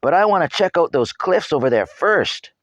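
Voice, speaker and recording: A man's voice: a little high, lively intonation, normal speed, no echo, pitched above the performer's own voice, close to an everyday voice. A man voicing a playful, teasing young boy in a storybook reading. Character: joking, adventurous young boy.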